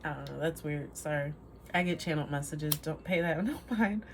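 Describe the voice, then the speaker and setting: A tarot reader gives a casual reading to camera, rambling, trailing off and laughing at herself. Her voice is low-pitched and at normal speed, with slight background noise.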